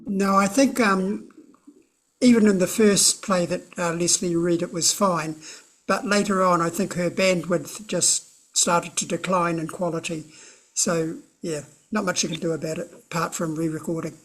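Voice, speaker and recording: A woman with a lowish voice explains a technical problem over a video call. She speaks plainly and matter-of-factly. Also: fairly even intonation, moderate pace, low-quality recording. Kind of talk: casual video-call chat.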